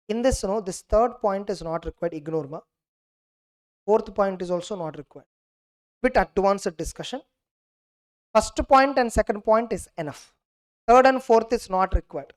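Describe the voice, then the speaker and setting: A young woman giving an animated exam revision lecture, acting out both sides of each case and checking her class with "clear?". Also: mid-range voice, moderate pace, pauses often. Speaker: teacher.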